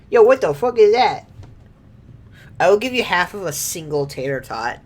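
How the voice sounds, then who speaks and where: A woman streamer talks over a game at an unhurried pace. Her pitch swings widely, and she laughs often and swears freely. She reads game lines aloud in between her own remarks. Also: big pitch swings, a little mellow. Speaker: streamer playing a video game. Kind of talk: casual gameplay commentary.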